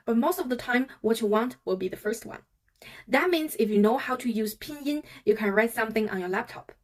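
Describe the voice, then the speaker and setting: Higher-voiced woman teaching a language. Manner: patient, demonstrates sounds aloud. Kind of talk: online language lesson.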